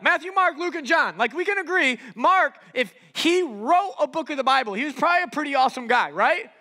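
Animated young youth pastor. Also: male voice, very high voice, big-room sound. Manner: animated, casual, full of "like" and "right?". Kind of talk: sermon.

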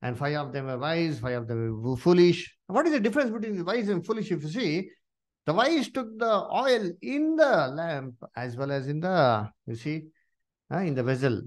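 A man leads a Bible study. His pitch rises and falls in a lively way, and he keeps asking questions and leaning on "you see" and "uh" between phrases. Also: moderate pace. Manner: many "uh" and "you see" fillers, rising questions to listeners.

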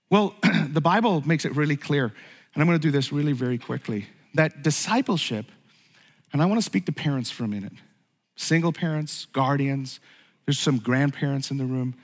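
A middle-aged man preaching a sermon to his church, talking in a conversational way that rises to fervent exclamations. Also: on the high side. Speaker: pastor. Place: church sanctuary. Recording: long reverb of a large hall.

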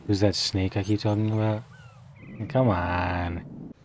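A young man casually commentating his video game playthrough, swearing freely, laughing often and bursting into excited outbursts. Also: on the low side, slow, slight background noise. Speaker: gaming streamer. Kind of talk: casual let's play commentary.

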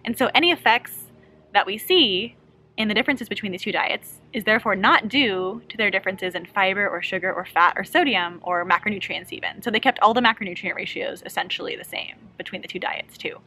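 A woman with a bright, crisp voice explains a science study in a casual, enthusiastic way. She talks quickly and keeps her energy up throughout. She is speaking outdoors from a hammock at a middle pitch. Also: slight background noise, low-quality recording. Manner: fast talker, animated and enthusiastic. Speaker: PhD researcher explaining a study.

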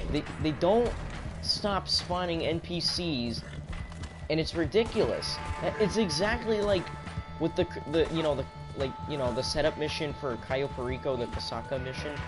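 A man's voice: on the high side, moderate pace, music in the background. Fed-up man ranting over gameplay. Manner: frustrated ranting, talks back to chat. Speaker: gameplay commentator. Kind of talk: live gameplay commentary.

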